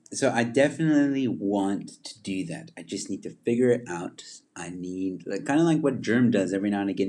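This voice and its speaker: A man's voice: on the low side, a little mellow. A man hosting a casual livestream, greeting viewers by name and rambling with many fillers and restarts. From Zimbabwe. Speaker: livestream host. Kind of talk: casual livestream chat reading viewer comments.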